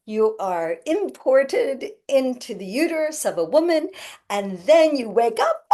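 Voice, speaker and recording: A woman's voice: on the high side, warm tone. A middle-aged woman, a healer and podcast guest, telling a spiritual story in an earnest way and acting out the voices in it.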